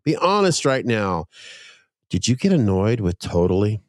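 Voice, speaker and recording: A man's voice: fairly low pitch, sing-song, normal speed, no echo, clean studio sound. A middle-aged man hosting a podcast, chatting casually and swearing now and then, then reading the show's outro plug. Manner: laid-back, swears, reads outro plug. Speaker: podcast host. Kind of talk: casual chat.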